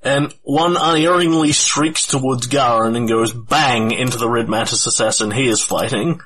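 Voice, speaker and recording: A man narrating a tabletop game as game master in a deliberate, descriptive way. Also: mid-range voice, fairly bright tone, breathy edge, rough recording.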